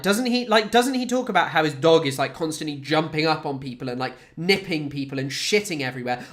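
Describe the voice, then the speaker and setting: A Scottish man talks casually to his stream chat, rambling and sardonic, with plenty of swearing and fillers. His mid-pitched voice rises and falls a lot as he goes. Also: bright, forceful tone. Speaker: streamer and comedian.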